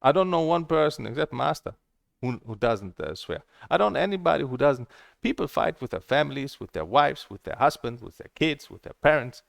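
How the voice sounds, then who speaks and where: A man's voice: mid-range voice, expressive, brisk, vocal fry, no room sound, clean studio sound. A man vlogging about a table tennis game in a heated, blunt and profane monologue, often repeating himself and restarting phrases. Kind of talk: casual ranting monologue.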